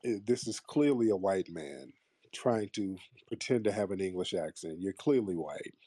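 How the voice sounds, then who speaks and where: A man's voice: sits low, expressive, moderate pace, mellow, slightly rough, dry recording, clean studio sound. A man hosting a call-in talk show, blunt and combative, mocking his callers. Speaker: host.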